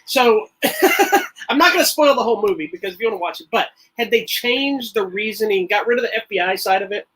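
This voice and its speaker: A man's voice: high-pitched, animated, fairly quick, a bit bright, husky, poor audio. A man co-hosting a podcast, rambling through a casual movie review and laughing often. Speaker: podcast co-host.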